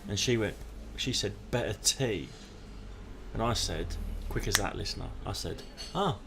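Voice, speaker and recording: A man's voice: fairly low pitch, lively intonation, normal speed, creaky, noisy background. A man co-hosting a live comedy podcast, telling rambling anecdotes in casual chat. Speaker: podcast co-host.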